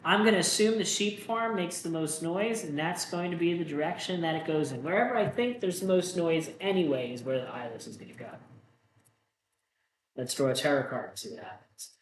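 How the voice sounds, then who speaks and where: A man hosting a solo board game playthrough, reading the story text aloud and then thinking out loud about his moves in a casual, self-deprecating way. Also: a little high, animated, a little fast, reverberant, low-quality recording.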